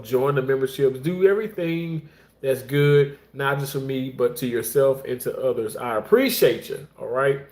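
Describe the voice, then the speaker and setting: A middle-aged man chats on a livestream while he cooks, rambling and thanking his viewers effusively. His everyday voice sits in the middle range and often jumps high when he greets someone. The room gives it a noticeable echo. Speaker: livestream host. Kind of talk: casual livestream chat reading viewer comments. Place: indoor room, talking while cooking. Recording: roomy echo.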